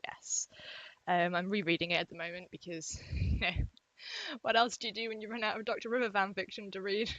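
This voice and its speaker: A woman's voice: mid-range voice, steady tone, fairly quick, a bit bright, no room sound. A young woman chats through fan questions from her desk, rambling and gushing with self-deprecating asides. Her voice sits mid-range, and the recording sounds dull and dry. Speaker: vlogger answering fan questions. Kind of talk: casual Q&A vlog chat. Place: home room at her desk.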